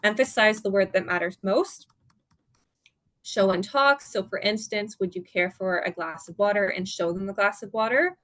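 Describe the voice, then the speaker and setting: Calm woman teaching caregivers. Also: mid-range voice, normal speed, dry recording. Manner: calm, instructive, step-by-step guidance. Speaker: dementia care educator. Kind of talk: virtual seminar presentation. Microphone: video call.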